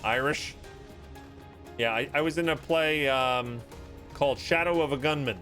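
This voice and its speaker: Man streamer, casual and self-deprecating, bright tone, soft game music behind. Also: medium pitch, unhurried. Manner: self-deprecating, chatty, hesitant. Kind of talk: casual live-stream chat.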